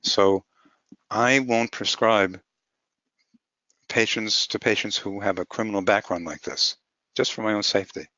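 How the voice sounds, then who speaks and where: Unhurried and given to long pauses, a man with a lower, sharp-toned voice presents a cannabis medicine webinar as a physician. He explains clinical cases plainly, step by step, and the muffled lo-fi audio has no room sound.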